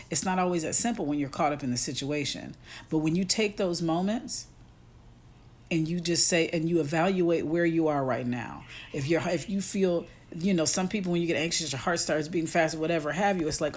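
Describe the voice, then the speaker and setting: A woman's voice: low-pitched, moderate pace. Woman life coach preaching on a phone livestream. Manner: conversational, preachy, addresses listeners directly. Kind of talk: motivational livestream talk. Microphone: phone on a live stream.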